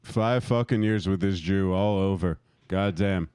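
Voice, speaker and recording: A man's voice: deep voice, measured pace, darkish tone, clean tone, no echo. A man in his thirties doing a profane, rambling stand-up set, laughing at his own jokes and working the crowd. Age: 30s. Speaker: stand-up comic.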